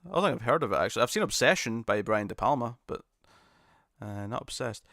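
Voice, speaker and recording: A man hosting a live stream, chatting casually and reading viewer comments, self-deprecating and quick to laugh. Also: medium pitch, animated, creaky, fairly bright tone, no echo, clean studio sound. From United Kingdom.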